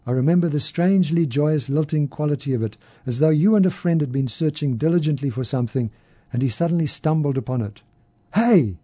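A man narrates a first-person story in a measured, even manner. His voice is dark and mellow. The sound is dry and close. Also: a little high, dry recording.

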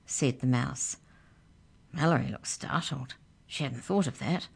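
Lady reading kids a story, deep-ish voice, gentle and expressive. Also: a little slow, creaky, husky.

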